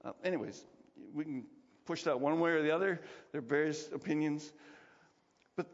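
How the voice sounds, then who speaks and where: Male pastor, chatty animated sermon; slightly high voice, dull reverberant church recording. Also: normal speed. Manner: animated, conversational, acts out quotes.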